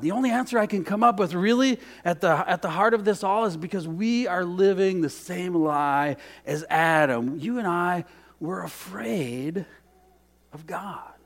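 Pastor, male, high voice, preaching with dynamic swings and repeated phrases. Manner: dynamic, swings from hushed to emphatic. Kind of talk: sermon.

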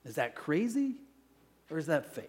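Man preaching a lively sermon. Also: a little high, moderate pace, slightly rough. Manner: dynamic preaching, swings from hushed to loud. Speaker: pastor. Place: church.

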